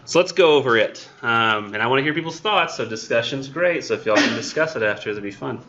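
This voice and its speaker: A man's voice: medium pitch, animated, quick pace, sharp tone, dull audio, a little hiss or hum. A man teaching a college English class in a casual, chatty way, with wry sarcastic asides.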